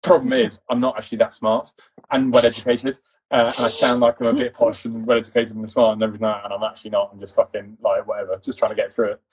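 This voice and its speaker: A man with a posh English accent, a cinematographer guest on a chat show, who talks quickly, mumbles and swears casually. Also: fairly low pitch, flat delivery, slightly rough, low-quality recording. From East London, England. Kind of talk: casual conversation.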